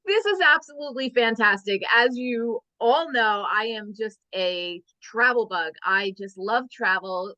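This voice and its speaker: A woman's voice: a little high, measured pace, few pauses, pushed and bright, dry recording. Effusive female coach host, dull dry audio. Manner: enthusiastic, effusive praise. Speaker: host, wealth and business coach. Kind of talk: podcast interview.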